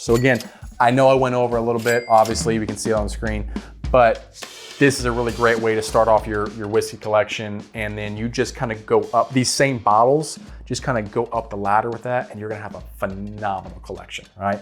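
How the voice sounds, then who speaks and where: Speaking briskly in a fairly low voice, a man reviews whiskey on his channel, giving casual bottle picks to camera. He's relaxed, often repeats words and says "right?" a lot, with faint guitar music behind.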